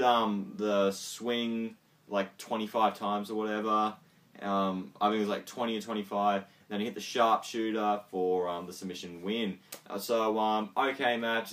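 A man casually reviewing a wrestling show. He is excitable, swears freely and fills his talk with ums. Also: fairly low pitch, recorded from a distance.

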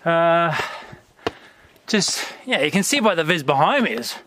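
A British man talks slowly and casually to his camera while climbing a mountain path, a little out of breath and poking fun at himself. His voice sits on the higher side, with a faint outdoor hiss behind it. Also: big pitch swings, sharp tone. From Britain. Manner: chatty, self-mocking, loose with fillers. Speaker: vlogger. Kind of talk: casual vlog while hiking.

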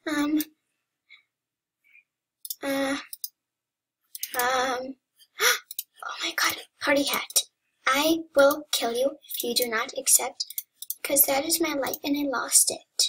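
High bright young woman pleading dramatically. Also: drawn-out words, pauses often. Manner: pleading, dramatic, slips into whispers. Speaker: gamer. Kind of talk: casual game commentary.

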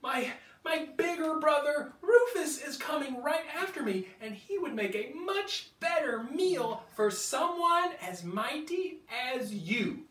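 A man voicing a small, brave young triceratops boy in a storybook reading, high and eager. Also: lively intonation, slow, fairly bright tone, roomy sound, recorded from a distance, heavily acted. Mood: pleading.

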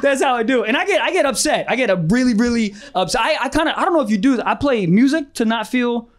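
A man doing improvised stand-up comedy in a club, loud and crude, breaking into laughs and yells. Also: extremely high pitch, expressive, quick pace. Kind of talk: improvised stand-up riffing on audience suggestions. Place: comedy club stage with audience. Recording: live club recording with crowd noise.

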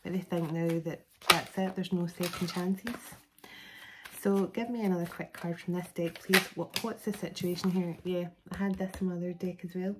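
A woman's voice: lowish voice, fairly even intonation, moderate pace, heavy background noise. Chatty woman doing a tarot reading. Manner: chatty, rambling, many fillers and restarts. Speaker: tarot reader. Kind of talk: casual spoken tarot reading.

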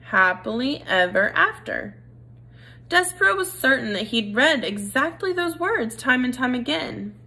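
A woman reading a children's novel aloud, gentle and expressive, speaking directly to the reader. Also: a little high. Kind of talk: read-aloud narration.

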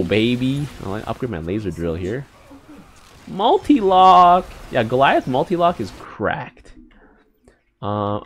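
A gaming YouTuber with a deep voice gives casual live commentary on his gameplay, excitable and full of slang, with sudden squeals and mumbled asides. There's slight background noise.

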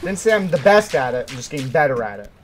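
A man's voice: medium pitch, fast. A young man streaming a climbing game, talking to himself and his chat, often yelping when startled. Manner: excitable, yelps and shouts when startled; talks to himself and chat between plays. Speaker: gaming streamer. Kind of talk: live gameplay commentary. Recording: faint background noise.

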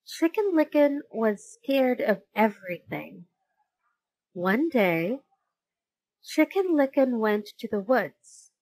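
A woman reading a children's story aloud in a slow, sing-song manner. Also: on the high side, no echo, poor audio.

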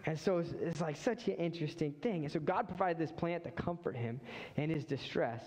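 A man preaching a sermon as pastor, animated storytelling that acts out the figures, in a church. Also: fairly high pitch, fairly quick, big-room sound. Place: church sanctuary.

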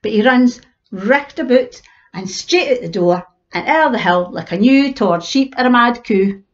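A woman's voice: on the high side, unhurried, highs cut off. Folksy Ayrshire woman storyteller. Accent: Scottish, Ayrshire. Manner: lively, folksy, many Scots words. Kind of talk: animated oral storytelling.

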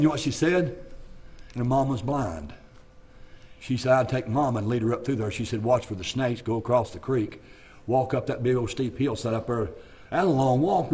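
A middle-aged man preaches a revival sermon in a church. His husky voice carries a folksy, rambling manner, full of "my friend" and "bless God.". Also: medium pitch, a little mellow. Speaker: pastor. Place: church sanctuary.

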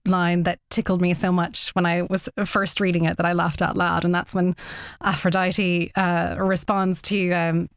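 A woman interviewer chatting in a studio, enthusiastic with a few halting fillers. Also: fairly low pitch, level tone, smooth, no room sound. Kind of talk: casual chat. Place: recording studio.

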